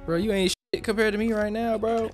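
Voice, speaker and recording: A man giving casual, excitable reaction commentary on an anime episode, joking with slang and profanity. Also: high-pitched, fairly quick, faint music behind.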